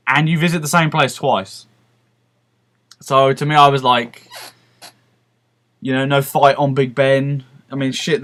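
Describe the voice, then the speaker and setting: A man's voice: medium pitch, a bit bright. Man rambling through a casual game review. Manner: rambling and profane, with frequent restarts and fillers; enthusiastic, laughs often.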